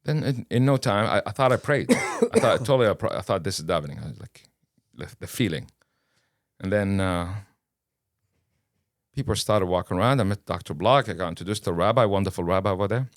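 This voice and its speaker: Lively storytelling man. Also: sits low, brisk, no echo, studio quality. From Kuwait. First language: Arabic. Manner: animated, casual storyteller who acts out dialogue. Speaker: guest. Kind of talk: personal storytelling in an interview.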